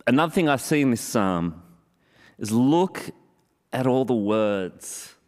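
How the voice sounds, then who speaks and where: A man preaching in an earnest, steady voice of middling pitch. He leans on key phrases, slowing down and repeating them for weight. The sound carries a long reverb from a large hall. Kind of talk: sermon.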